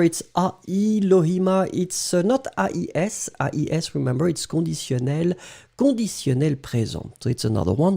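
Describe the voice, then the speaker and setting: A man's voice: fairly high pitch, creaky, mellow. A middle-aged man from France with a French accent, teaching a live online French lesson and greeting students by name.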